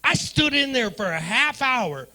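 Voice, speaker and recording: A man doing profane stand-up comedy in a club, riffing loudly with the crowd. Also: very high-pitched, sing-song, unhurried. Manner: loud, profane, riffing with the audience. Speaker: stand-up comedian hosting the night.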